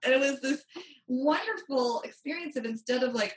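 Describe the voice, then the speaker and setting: Woman guest on a podcast, animated, roomy echoey sound. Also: high-pitched, moderate pace. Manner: animated, acts out quotes. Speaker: guest, money coach. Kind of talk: interview storytelling. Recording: roomy, distant from mic.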